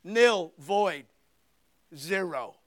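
A man preaching a sermon and reading scripture aloud, emphatic, swinging between loud outbursts and hushed asides. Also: high-pitched, animated, extremely slow, no room sound, studio quality.

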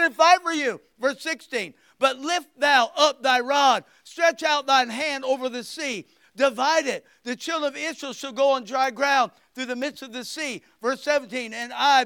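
Preacher, male: high and crisp, emphatic sermon delivery, dry close sound. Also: normal speed, few pauses, no echo. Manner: emphatic, swings from loud to hushed. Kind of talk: sermon reading scripture aloud.

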